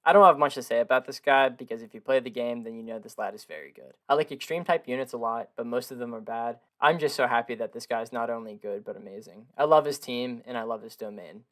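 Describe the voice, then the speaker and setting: A young man, hoarse and gravelly from illness, reads dense game card text in a flat, steady voice at a middling pitch. Between the stat blocks he drops into loose, slangy asides. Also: fast talker, hardly any pauses. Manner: flat reading of long stats, then slangy offhand comments. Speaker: gaming video creator.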